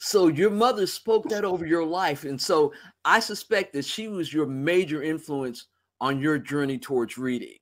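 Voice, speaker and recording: A man's voice: on the high side, moderate pace. A man hosting a casual interview, reacting with short exclamations and asking reflective questions. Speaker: interview host.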